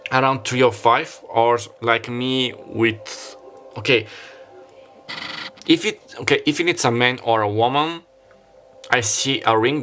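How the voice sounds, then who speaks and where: A man's voice: mid-range voice, fairly bright tone, a little hiss or hum. Chatty non-native male tarot reader. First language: not English. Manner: rambling, hesitant, often stops to apologize and self-correct. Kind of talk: casual pick-a-card tarot reading.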